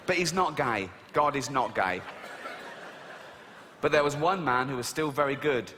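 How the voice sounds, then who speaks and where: A man's voice: mid-range voice, a little slow, pauses often, in a large hall. A man doing a stand-up comedy routine on a theatre stage, sarcastic, incredulous and sweary. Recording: live stand-up with crowd laughter and noise. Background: audience laughter.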